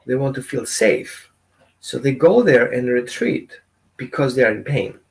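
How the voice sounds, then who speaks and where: A man's voice: mid-range voice, expressive, a little slow. A man teaching as a dog trainer in a casual, conversational way, often asking his audience questions. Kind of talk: informal teaching talk.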